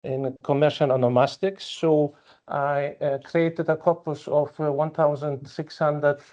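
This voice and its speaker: A man giving an academic conference talk, speaking as a with frequent fillers and pauses. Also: on the high side, level tone, darkish tone, highs cut off. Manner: slow, halting, with many fillers. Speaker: conference presenter.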